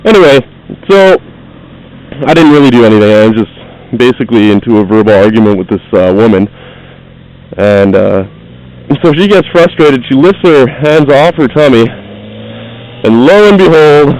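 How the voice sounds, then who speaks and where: A man's voice: medium pitch, expressive, moderate pace, pauses often, a little mellow, poor audio. A man in his car talking to the camera about his day. His storytelling rambles and swears freely, and he is self-deprecating about it. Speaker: vlogger. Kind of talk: casual storytelling monologue. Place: in a car while driving.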